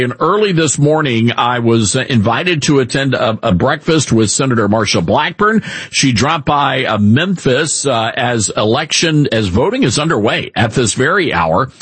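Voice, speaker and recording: Man, radio talk host, very animated pitch, husky, dry studio mic, playful banter. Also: dry recording. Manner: jokey, lively, self-deprecating.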